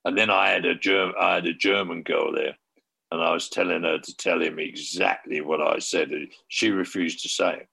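A man, a former band manager, telling a profane and animated backstage anecdote in casual talk. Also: low voice, moderate pace, gravelly, husky.

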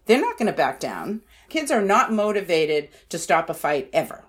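A woman's voice: fairly low pitch, very animated, moderate pace, husky. A woman, a parenting author, giving conversational interview answers in an explanatory way, often saying "you know" and acting out what parents and kids say.

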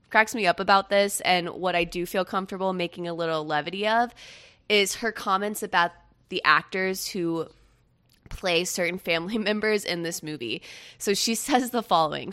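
Young woman, podcast host, bright tone, casual pop-culture chat, chatty. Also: on the low side. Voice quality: bright, chatty, laughs often.

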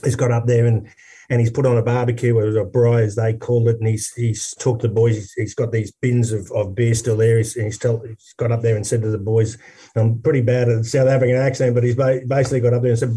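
Mellow-voiced Australian man telling a story. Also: mid-range voice, fast talker, husky, distant mic. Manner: animated anecdote teller, many restarts. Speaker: former rugby player, guest. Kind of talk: casual storytelling.

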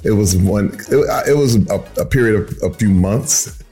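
Man in his 50s from Flint, Michigan: lowish voice, halting and self-mocking, over faint music. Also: dark tone, breathy edge. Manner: hesitant, self-deprecating, many restarts and fillers. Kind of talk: casual storytelling chat.

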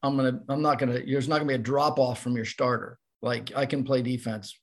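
A man's voice: mid-range voice, a little fast. An older man, a former ballplayer, telling a casual story as a podcast guest and acting out the voices of the people in it. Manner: animated storyteller, acts out quoted voices.

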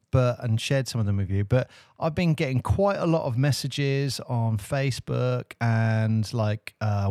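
A man's voice: medium pitch, a little mellow, no echo, clean studio sound. A man with a British accent co-hosting a podcast in casual chat, rambling with fillers and restarts. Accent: British English. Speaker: podcast co-host.

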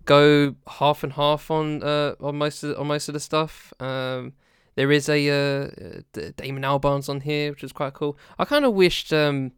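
A man talks about an album in a halting, searching way, often trailing off and laughing. His voice is smooth and clear. The sound is dry and close. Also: fairly high pitch, fairly even intonation, no echo. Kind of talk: casual music discussion.

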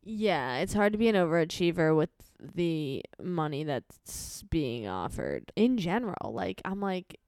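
A woman's voice: low voice, very animated, measured pace, few pauses, darkish tone, no echo. Young woman, podcast co-host, loose chatty storyteller, clean dry close-mic sound. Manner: storytelling, frequent laughter and quoted voices. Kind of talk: casual chat.

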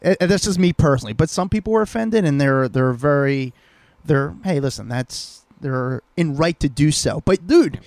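A man co-hosting a podcast, telling stories in an animated, teasing way. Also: a little high, moderate pace, dry recording. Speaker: podcast co-host. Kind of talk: casual chat.

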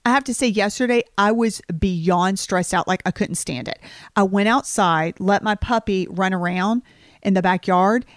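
A woman co-hosting a podcast, chatting casually and telling lively stories. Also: medium pitch, normal speed, no room sound, clean studio sound. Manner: animated storyteller, acts out quotes. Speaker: podcast co-host, researcher.

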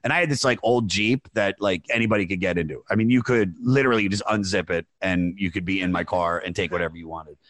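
A comedian chatting casually on a podcast, telling a rambling, animated anecdote full of fillers. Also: male voice, low voice, fast, hardly any pauses, no room sound. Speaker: comedian guest. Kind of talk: casual storytelling chat.

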